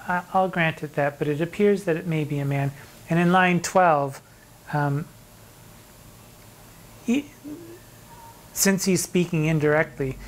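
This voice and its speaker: A middle-aged drag performer giving a theatrical, mock-indignant commentary on sonnets, reading the verse slowly between asides. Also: mid-range voice, slight background noise, poor audio. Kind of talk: animated poetry commentary.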